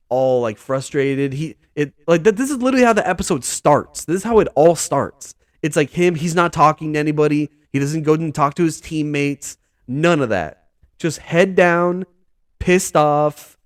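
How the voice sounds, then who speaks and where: Animated, chatty man ranting about football. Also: on the high side, no room sound, studio quality. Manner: animated, rambling, full of "dude" and "bro". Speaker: sports vlog host. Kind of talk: casual monologue.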